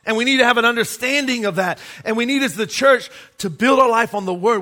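A man's voice: very high-pitched, animated, fairly quick, few pauses, sharp tone. A man preaching a sermon as pastor, emphatic and asking the congregation rhetorical questions.

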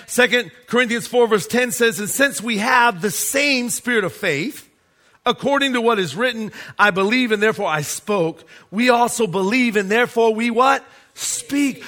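A man's voice: very high voice, moderate pace, pushed and bright. A man preaching a sermon as pastor, emphatic and asking the congregation rhetorical questions.

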